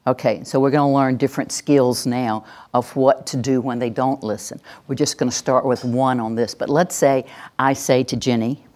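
A woman leads a parenting workshop as a live demonstration, talking plainly and then breaking into high, gushing praise. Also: fairly even intonation, moderate pace, darkish tone.

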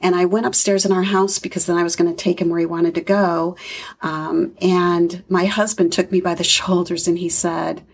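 Middle-aged female guest, husky low voice, earnest reflective storyteller. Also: level tone, moderate pace. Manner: earnest, reflective, with frequent fillers. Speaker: guest, foster parent. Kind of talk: conversational interview storytelling.

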